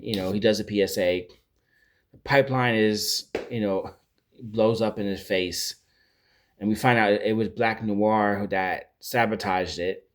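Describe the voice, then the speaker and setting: A man with a fairly low voice recaps a TV series in a loose, chatty way. He rambles and gets animated, often stopping to search for the right word. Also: a little hiss or hum. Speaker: pop culture vlogger. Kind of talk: casual TV show recap.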